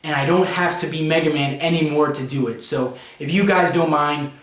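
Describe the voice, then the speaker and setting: A man's voice: on the high side, moderate pace, a bit bright, natural voice. A man voicing a young robot hero, speaking earnestly in his own everyday voice, in a roomy echo.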